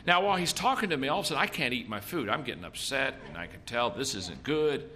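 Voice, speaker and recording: The man talks fast with lively intonation in a medium-pitched, pushed, bright voice. As a middle-aged leadership speaker at a seminar, he uses folksy storytelling and says key points again for emphasis.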